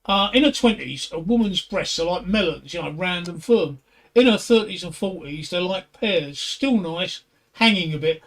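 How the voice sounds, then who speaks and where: Joke dad, matter-of-fact and high-voiced, read by a man. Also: lively intonation, moderate pace, fairly bright tone, exaggerated voice. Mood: deadpan. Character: middle-aged father explaining to his son.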